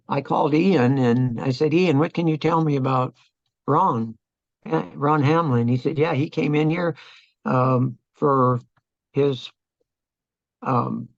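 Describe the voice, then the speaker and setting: Older veteran interviewee, gravelly, reflective, halting delivery, dull close recording. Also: male voice, mid-range voice, no room sound. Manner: halting, reflective, many restarts. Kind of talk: oral history interview.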